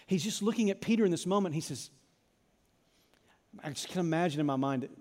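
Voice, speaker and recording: A man preaching a sermon as pastor, dramatic, swinging from loud, urgent passages to hushed ones. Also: fairly high pitch, animated, fairly quick, in a large hall.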